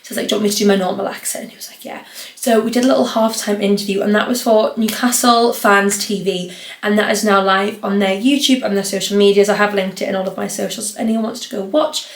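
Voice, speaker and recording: On her own podcast, a young woman from North East England talks through her week, drifting from topic to topic and using "like" constantly as filler. Her middle-pitched voice is fast and steady in tone, and the room gives off a noticeable echo.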